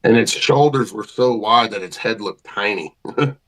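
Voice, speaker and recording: A man with a fairly low voice spins a story in plain, folksy speech. He talks casually, as a guest on a chat show, and piles on colloquial phrasing and lively detail. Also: moderate pace, poor audio. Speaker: podcast guest.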